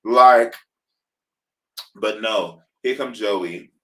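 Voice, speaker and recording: A man's voice: fairly low pitch, drawn-out words, sharp tone, far from the mic, low-quality recording. A man co-hosting a casual review chat, telling the story with feeling, acting out quotes, and swearing freely. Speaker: podcast co-host.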